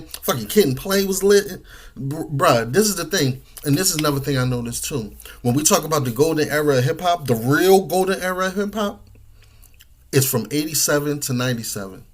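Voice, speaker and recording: A man, talking casually and profanely with lots of slang, eating while he talks. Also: a little high. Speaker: podcast host. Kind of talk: casual monologue.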